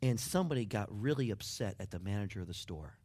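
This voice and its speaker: A man preaching a sermon, dropping to near whispers and building up to excited shouts. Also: lowish voice, fast talker. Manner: dramatic swings from hushed to shouting. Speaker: pastor.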